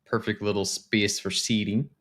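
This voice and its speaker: A man, casually chatting to his live-stream viewers while touring game houses, excitable and talkative. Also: lowish voice, normal speed. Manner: chatty, excitable, talks to chat.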